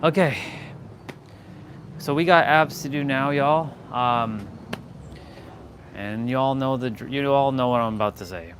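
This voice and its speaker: A man's voice: medium pitch, measured pace, long pauses, fairly bright tone, a little hiss or hum. A man hosting a fitness livestream, talking in a loose, rambling, joking way. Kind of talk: casual livestream chat.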